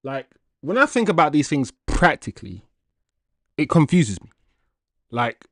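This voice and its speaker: A man's voice: a little high, unhurried, no room sound, studio quality. Slangy man hosting a livestream. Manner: animated, slangy, laughs and rambles. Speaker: host of a football livestream. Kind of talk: casual livestream chat, reading viewer comments.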